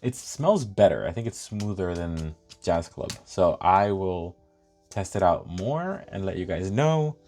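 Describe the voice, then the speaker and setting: A man chatting casually while unboxing and reviewing fragrances, animated and thinking aloud with lots of fillers. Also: sits low, unhurried, soft background music.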